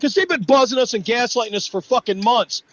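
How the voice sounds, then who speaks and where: Furious high-voiced man ranting. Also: expressive, brisk, rough recording. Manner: furious, swearing, shouting at politicians. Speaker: livestream host. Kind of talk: angry profane rant.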